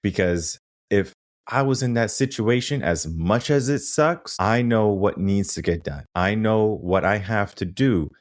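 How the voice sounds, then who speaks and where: A man with a very low voice hosts a coaching podcast, talking in an emphatic, motivational way. He drives his points home with rhetorical questions. The recording is dry and close, with no room sound. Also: measured pace, dry recording. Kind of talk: motivational conversation.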